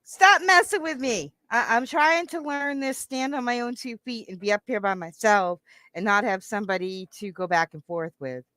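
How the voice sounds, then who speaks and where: Lady streamer chatting w her viewers, teasing and jokey, dry close sound, bright voice. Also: medium pitch, normal speed, clean tone, no echo. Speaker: livestream host. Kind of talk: casual chat to viewers.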